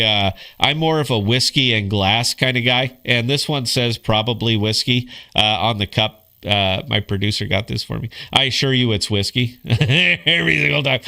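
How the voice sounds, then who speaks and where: A man's voice: medium pitch, sharp tone. A middle-aged man hosting a casual livestream podcast, laid-back and swearing, calling people bro and dude. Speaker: podcast host.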